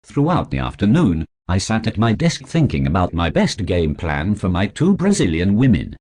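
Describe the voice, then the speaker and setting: Low husky male storyteller. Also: wildly swooping pitch, normal speed, darkish tone. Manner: plain first-person storytelling. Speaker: narrator. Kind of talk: scripted audiobook narration.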